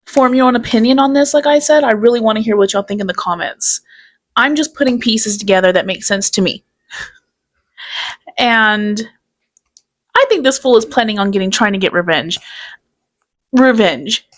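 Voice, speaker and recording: A woman talks through a casual reaction commentary in a slightly higher voice. She is chatty and sarcastic and keeps breaking into laughter. She speaks as the host of her own channel. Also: moderate pace, long pauses.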